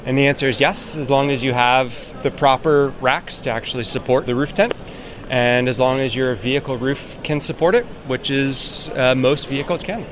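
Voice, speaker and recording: A man's voice: medium pitch, normal speed, fairly bright tone. A man demonstrating a product in an easygoing, friendly way, interviewed at a busy trade show. His voice sits in an ordinary middle range. Faint show noise runs behind him. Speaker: company representative.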